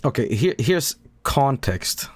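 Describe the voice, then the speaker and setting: A man's voice: mid-range voice, expressive, slow pace, slightly rough, no echo. A male streamer chatting casually late at night, swearing a lot, stumbling over his words and laughing often.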